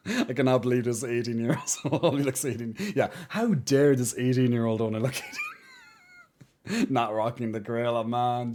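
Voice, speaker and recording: A man's voice: medium pitch, a little mellow. Joking man on a live stream. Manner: joking, rambling, swearing. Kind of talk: casual live-stream chat.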